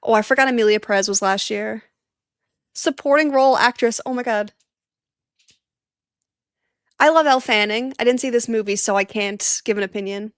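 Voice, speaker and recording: A woman hosting a casual live-stream watch party, chatting excitably and laughing often, teary and sniffly. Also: fairly high pitch, normal speed, long pauses, clean tone, dry recording, studio quality.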